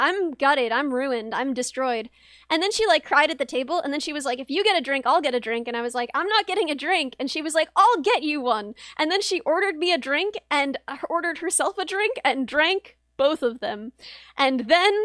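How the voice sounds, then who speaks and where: A young woman streamer tells a wry, meandering story in casual chat, full of fillers and little laughs. Her voice sits high. The sound is dry and close, with no room around it. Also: pushed and bright, no room sound. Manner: chatty, rambling, wry, with laughs and many fillers. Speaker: vtuber streamer.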